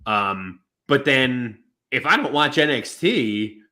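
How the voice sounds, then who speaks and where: A man's voice: very animated, slow, sharp tone. A man co-hosting a casual wrestling podcast, rambling and acting out quotes in put-on voices. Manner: rambling, acts out quotes with big pitch jumps. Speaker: podcast co-host.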